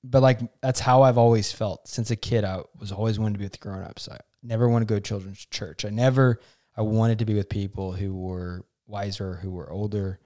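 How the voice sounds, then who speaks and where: Twenties guy on a podcast, low voice, earnest, lots of ums, feeling sick. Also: fairly even intonation, brisk, dark tone. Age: 20s. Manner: earnest, rambling, with many fillers. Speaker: podcast guest. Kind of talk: casual podcast chat.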